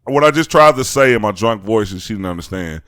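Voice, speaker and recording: A man's voice: on the low side, lively intonation, a little fast, fairly bright tone, no echo. A man co-hosting a podcast in casual chat, laughing and swearing freely. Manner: laughing, profane banter. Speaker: podcast host.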